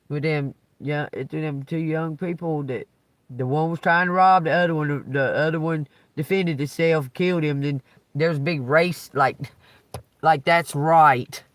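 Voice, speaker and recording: A man's voice: fairly high pitch, no echo. A man giving a tarot reading on a live stream, rambling and cursing freely, with frequent chuckles. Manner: rambling, profane, chuckles often. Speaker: tarot reader.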